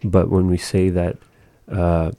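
Slow, deep-voiced man teaching pronunciation. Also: level tone, warm tone, dry recording, clean studio sound. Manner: slow, careful, repeats and models pronunciations. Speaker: language teacher. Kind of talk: patient one-on-one language lesson.

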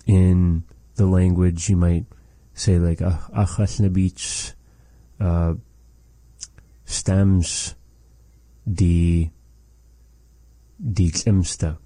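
A man teaching phrases of a language, explaining thoughtfully and pausing to search for words. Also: sits low, flat delivery, dark tone, no room sound.

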